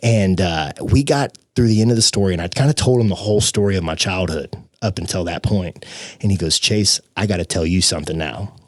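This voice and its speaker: A young man, a podcast guest, telling his personal story with emotion, animated and acting out the voices of the people in it. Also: low voice, fairly quick, no room sound, clean studio sound. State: tearful.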